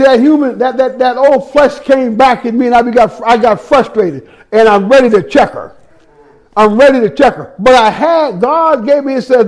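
A man preaching a sermon, telling his own testimony with street slang, scripture and repeated words. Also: very high-pitched.

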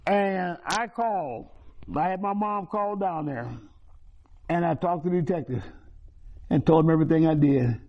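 At a recovery meeting, a man with a fairly high voice recounts his own life as a testimony, moving at a moderate pace with long pauses. His telling is folksy and repetitive, sprinkled with chuckles, captured on a dull lo-fi recording.

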